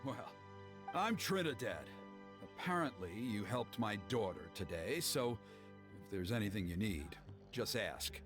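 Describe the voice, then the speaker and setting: A man's voice: fairly low pitch, very animated, measured pace, music in the background. A stern, scolding village-elder father. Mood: wary. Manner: gruff, scolding, suspicious. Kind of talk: video game voice acting. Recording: game soundtrack clearly behind.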